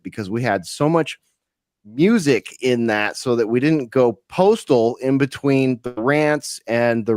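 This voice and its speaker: A man's voice: medium pitch, dry recording, studio quality. A man from California hosting a live-streamed radio show, rambling casually with lots of fillers and the odd swear.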